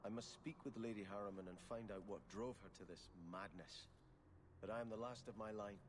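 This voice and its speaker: A man's voice: on the low side, steady tone, a little fast, lightly acted. An actor playing a formal, earnest young nobleman archer in a fantasy video game, speaking courteously. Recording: game audio with clear background noise.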